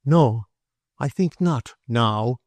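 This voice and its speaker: A man voicing a nonchalant young gentleman in an audiobook, courteous but lightly indifferent. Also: mid-range voice, animated, very slow, dry recording.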